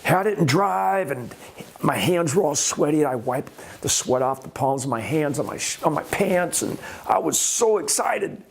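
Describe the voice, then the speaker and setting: A middle-aged man hosting and telling his own stunt stories in a casual, animated way, acting out the people in them. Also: on the high side, normal speed, gravelly, slightly rough. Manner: animated, acts out quoted voices, rising excitement. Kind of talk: casual storytelling.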